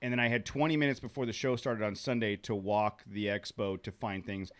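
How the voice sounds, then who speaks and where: A man's voice: lowish voice, fairly even intonation, fairly quick. A man hosting a podcast in casual chat, telling stories with a joking tone. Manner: storytelling, joking. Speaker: podcast host.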